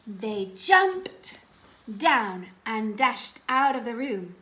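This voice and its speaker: Woman storyteller for children, bright high voice, expressive, unhurried. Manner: slow, expressive read-aloud. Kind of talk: reading picture books aloud to children.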